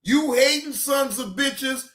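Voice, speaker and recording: High-pitched, slow-talking profane streamer. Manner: profane, heated, frequent shouting; repetitive dismissive sign-offs. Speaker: livestream reaction host. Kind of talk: livestream rant to chat.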